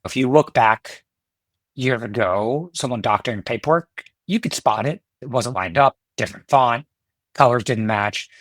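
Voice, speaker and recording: A man, a company executive, explaining his field as a guest on a podcast in a steady, conversational way. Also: medium pitch, dry recording. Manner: explanatory, steady, uses filler "right?". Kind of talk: podcast interview.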